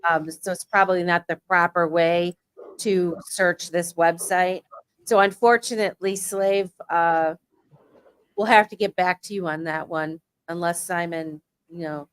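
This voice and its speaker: A woman co-hosting a casual livestream chat, quick to chime in and tease her partner. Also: lowish voice, steady tone, clean tone, no echo. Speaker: co-host.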